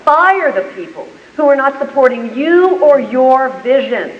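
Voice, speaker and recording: In a dull, echoey meeting room recording made far from the mic, a woman business owner gives an inspirational speech. Her high-pitched voice is expressive and measured as she vividly acts out her stories.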